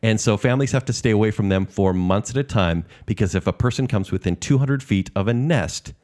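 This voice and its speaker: A man with a Southern US accent, chatting casually as a podcast co-host and telling animated stories. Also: fairly low pitch. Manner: animated storyteller, quick asides. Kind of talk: casual chat.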